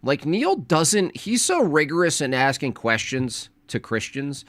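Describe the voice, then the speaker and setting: A man's voice: fairly high pitch, very animated, unhurried, few pauses, a bit bright, no room sound. A man giving sarcastic, mocking reaction commentary on a video he is watching.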